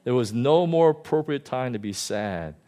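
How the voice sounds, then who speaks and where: A male pastor giving a conversational sermon, animated and often chuckling. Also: medium pitch, moderate pace.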